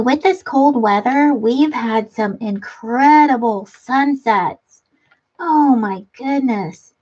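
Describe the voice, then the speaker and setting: Her voice sits a little high with a darkish tone, and the recording sounds muffled through a computer webcam mic. This middle-aged livestream host crafts in her front room, reading viewer comments, chatting casually and giggling along.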